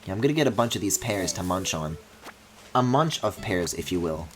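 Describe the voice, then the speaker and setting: Animated man streaming a game. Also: a little fast, soft background music. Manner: thinks aloud in a low mumble, then bursts into high excited squeals; swears in mock outrage. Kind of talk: live-streamed gameplay commentary.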